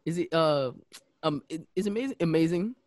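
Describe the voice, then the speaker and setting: A man's voice: fairly high pitch, expressive, brisk, darkish tone. A man co-hosting a podcast who talks in a rambling, hesitant way, full of fillers. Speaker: podcast co-host. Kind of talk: casual chat.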